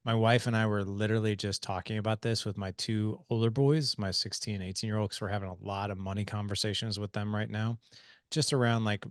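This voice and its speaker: A man in his forties hosting a podcast interview, telling stories in an emphatic, animated way. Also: fairly low pitch, brisk, no room sound, studio quality. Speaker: podcast host. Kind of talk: conversational interview.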